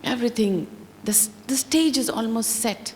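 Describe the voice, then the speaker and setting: A woman telling a scripture story in a slow, deliberate, expressive manner. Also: a little high, a little hiss or hum. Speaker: spiritual storyteller. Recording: long hall reverb.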